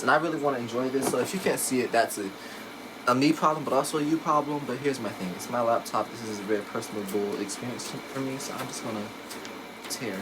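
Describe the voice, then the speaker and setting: Excitable man gushing over a new laptop. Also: mid-range voice, noisy background. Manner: excitable, gushing, chatty with exclamations. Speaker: tech unboxing vlogger. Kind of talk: casual unboxing chat. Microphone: phone camera. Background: background music.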